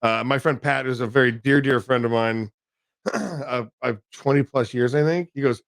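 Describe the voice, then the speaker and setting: A man's voice: mid-range voice, normal speed, creaky, a bit bright, dry recording. A man co-hosting a podcast, telling long rambling stories with a lot of swearing. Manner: profane, rambling storyteller. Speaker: podcast co-host. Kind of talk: casual podcast chat.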